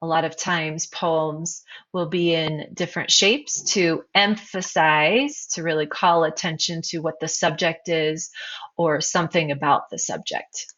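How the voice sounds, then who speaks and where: A woman's voice: low voice, steady tone, a little slow, fairly bright tone, dull audio. A woman teacher narrating a recorded slideshow lesson, explaining terms and posing questions to her students.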